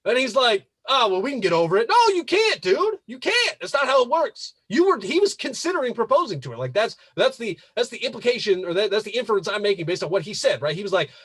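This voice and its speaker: A man's voice: high-pitched, fast talker, few pauses, breathy edge, no room sound. A man hosting a live relationship-advice show, talking casually, swearing freely and working himself up into incredulous rants. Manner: animated, swearing, rising to incredulous outbursts. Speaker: podcast host.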